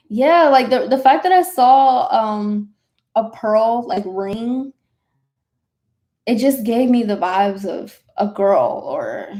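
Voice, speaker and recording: A young woman hosting a spiritual livestream, gushing and excitable as she talks straight to viewers and chats about their comments. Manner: quick bursts of high excited exclamations. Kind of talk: casual livestream chat reading comments.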